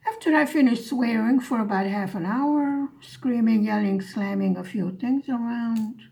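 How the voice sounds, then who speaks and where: A woman's voice: a little high, a little slow, vocal fry, dark tone. A woman vlogger telling a story in a dry, sarcastic way as she chats over her craft. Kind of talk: casual storytelling while diamond painting.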